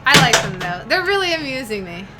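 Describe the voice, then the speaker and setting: A woman's voice: a little high, big pitch swings, a little fast, poor audio. A woman with a Midwestern accent, co-hosting a pinball stream in rambling casual chat full of fillers. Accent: Midwestern American. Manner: chatty and rambling, with many fillers. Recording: loud music playing behind the voice. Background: loud background music.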